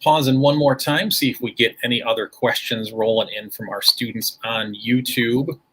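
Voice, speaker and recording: A man's voice: mid-range voice, steady tone, normal speed, a bit bright, slightly rough. A man hosting a school presentation livestream, taking audience questions with upbeat, formal phrasing.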